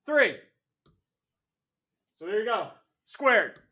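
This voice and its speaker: Upbeat guy teaching a math class, kinda high voice, jokes around with the kids. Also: very slow. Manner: energetic, jokey, calls on students by name. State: out of breath. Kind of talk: classroom lecture.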